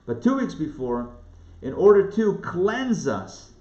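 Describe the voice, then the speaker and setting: Rabbi guy chatting through a torah lesson, asks the crowd stuff, kinda high voice, echoey room. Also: very animated, slow pace, darkish tone. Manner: conversational, asks listeners questions. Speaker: rabbi teaching a live online class. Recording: echoey room, dull lo-fi sound.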